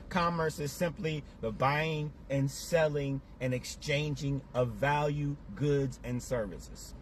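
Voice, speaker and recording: A man's voice: mid-range voice, expressive, a little slow, slight background noise. A man giving a live, preachy motivational business talk, repeating his points with emphasis, from his car. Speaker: business coach.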